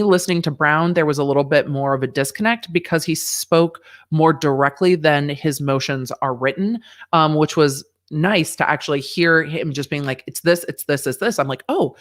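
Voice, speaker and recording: A woman lawyer giving casual, candid livestream commentary on a court hearing, reading viewer questions aloud and swearing freely. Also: low-pitched. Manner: candid, profane, reads chat questions aloud.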